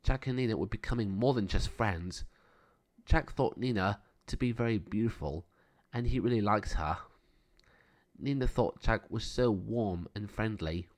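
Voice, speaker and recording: A man narrating a children's storybook aloud in a calm, steady reading voice. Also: lowish voice.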